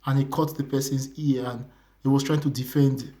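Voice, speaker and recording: A young man with a Nigerian accent preaching a sermon, earnest and repetitive, sometimes dropping to a hushed whisper. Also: mid-range voice, steady tone, moderate pace. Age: young adult.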